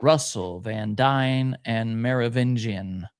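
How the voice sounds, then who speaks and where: A man's voice: medium pitch, slow, clear, resonant tone. A man co-hosting a podcast, reading viewer comments aloud with lots of hesitant fillers. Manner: hesitant, many uhs, laid-back. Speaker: podcast co-host.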